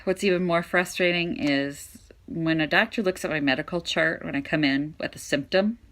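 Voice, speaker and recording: Hoarse, gravelly low-voiced woman. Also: moderate pace, fairly bright tone. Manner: frank and exasperated, talks directly to viewers. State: hoarse, voice fading in and out. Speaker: vlog host. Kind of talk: candid talk to camera.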